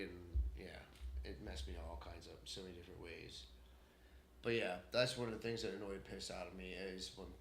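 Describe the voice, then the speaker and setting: A man ranting to camera in an unscripted solo vlog, profane and heated, swinging between loud outbursts and muttering. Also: deep voice, slight background noise. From United States. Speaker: vlogger. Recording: echoey room.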